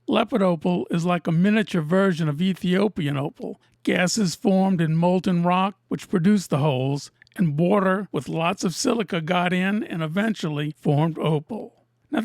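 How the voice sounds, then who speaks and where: A woman who cuts and sells opals, narrating her workshop video in a deadpan, teasing way. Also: lowish voice, gravelly, dry recording, studio quality. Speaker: opal cutter and seller. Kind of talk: narrated lapidary video with jokes.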